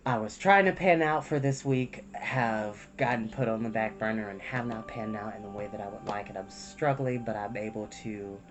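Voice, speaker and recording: A man hosting a storytime channel, talking candidly and emotionally to his viewers, soft-spoken and close to tears, with many pauses. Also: on the low side, music in the background. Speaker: storytime reader. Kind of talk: candid personal talk to viewers.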